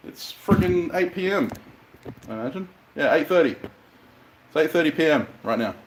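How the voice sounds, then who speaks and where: A man's voice: on the high side, animated, normal speed, roomy sound, background noise. A man from Western Australia with a light Australian accent, chatting casually with viewers on a livestream from his workshop, rambling and a little sweary. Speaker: bladesmith livestreamer.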